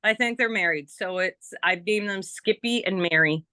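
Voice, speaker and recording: A woman's voice: medium pitch, normal speed, bright, forceful tone, no room sound. A Canadian woman from Canada, a guest in a casual chat, who is chatty, laughs often and mimics other people's voices.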